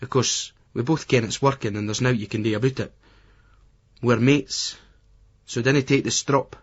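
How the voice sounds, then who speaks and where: Scottish guy reading an audiobook, slangy and gritty, husky, dull lo-fi sound. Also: medium pitch, steady tone, moderate pace. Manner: gritty, colloquial. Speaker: audiobook narrator. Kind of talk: first-person audiobook narration. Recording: remastered poor-quality audio.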